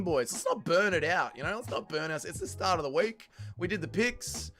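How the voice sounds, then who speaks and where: A man's voice: high-pitched, animated, normal speed, bright, forceful tone, soft background music. A man with an Australian accent hosting a livestream, answering chat comments in sweary, joking banter. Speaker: livestream host reading chat.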